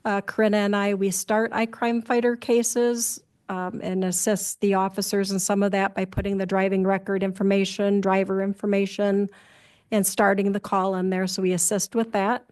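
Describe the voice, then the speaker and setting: Woman police clerk going over duties at a city meeting, flat even voice, lots of uhs. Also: mid-range voice, normal speed, smooth. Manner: plain, matter-of-fact, many fillers.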